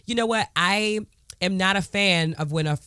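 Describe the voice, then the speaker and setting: A man co-hosting a podcast in casual chat, bouncy and quick to laugh. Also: high-pitched, sharp tone, clean tone, no room sound, clean studio sound. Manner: laughs easily, bouncy delivery. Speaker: podcast co-host.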